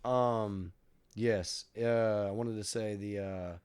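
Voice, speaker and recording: A man's voice: on the low side, steady tone, slow pace, a little mellow, clear, resonant tone. A man co-hosting a podcast, chatting casually, joking and laughing often. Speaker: podcast co-host. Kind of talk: casual chat.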